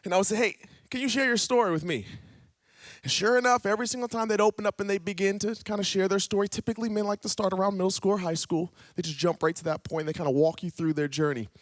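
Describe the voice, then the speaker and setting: A man from Ohio, a youth pastor, telling a personal story in a sermon and acting out the dialogue with lively swings in pitch. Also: fast, dry recording, clean studio sound. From Ohio, USA. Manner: animated, acts out dialogue with big pitch jumps. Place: church auditorium.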